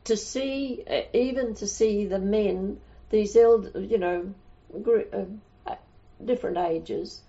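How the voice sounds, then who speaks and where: A woman's voice: medium pitch, takes it slowly, warm tone. An older woman, a nun, telling rambling anecdotes in a casual interview, with many restarts. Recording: dull lo-fi recording.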